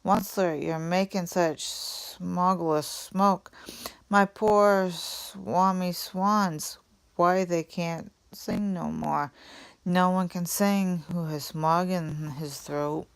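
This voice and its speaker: A woman voicing a grumpy, coughing small male forest creature who scolds loudly in a storybook reading. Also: lowish voice, steady tone, very slow, clear, resonant tone. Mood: scolding. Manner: scolding, loud and pleading.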